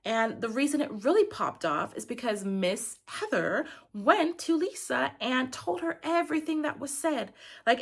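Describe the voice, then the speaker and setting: A woman's voice: medium pitch, gravelly, fairly bright tone. A woman giving a casual, opinionated recap of a reality show, chatty and filling her talk with "like". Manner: chatty and opinionated, saying "like" constantly. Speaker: recap YouTuber.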